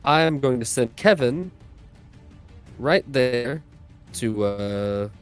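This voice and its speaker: A man's voice: mid-range voice, expressive, slow pace, clear, resonant tone, soft background music. Hesitant man playing a tabletop game. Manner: casual, hesitant, swears a lot. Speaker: player.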